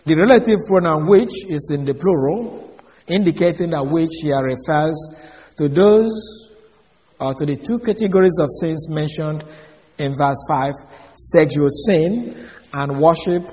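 A man giving an expository Bible lesson, measured and explaining Greek words one by one. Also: on the high side, darkish tone, big-room sound. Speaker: Bible teacher.

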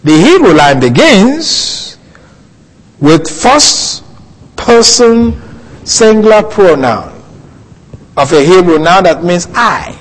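A man preaching a Bible teaching sermon, slow and deliberate, lingering on key words. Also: high voice, sing-song. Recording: long reverb of a hall.

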